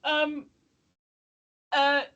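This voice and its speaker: A woman's voice: sits high, monotone, drawn-out words, a bit bright, highs cut off. An English woman in casual chat on a live stream, rambling and hesitant with many ums. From England. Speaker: stream co-host.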